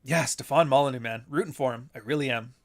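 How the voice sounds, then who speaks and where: A man's voice: medium pitch, fast, vocal fry. A man hosting a casual livestream chat from home, rambling bluntly and swearing often. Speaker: host, author. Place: home near Toronto.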